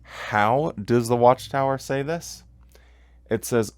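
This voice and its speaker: A man's voice: mid-range voice, slow, no echo. A man hosting a commentary show, reading quoted passages aloud and then arguing against them with heated emphasis. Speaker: podcast host. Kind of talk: commentary on religious texts.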